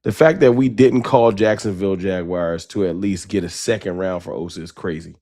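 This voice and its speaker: A man's voice: deep voice, steady tone, normal speed, mellow, no room sound, studio quality. A man hosting a late-night sports fan livestream, talking off the cuff with emotion and slang. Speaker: sports fan show host.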